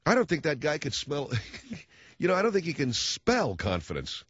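A man's voice: fairly high pitch, wildly swooping pitch, normal speed, a bit bright, slightly rough, no room sound, dull audio. A man hosting a talk radio show, ranting about politics in a sarcastic, mocking way.

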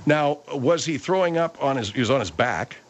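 A man's voice: medium pitch, expressive, moderate pace, highs cut off. A man hosting a comic radio talk show, sardonic and argumentative with his callers.

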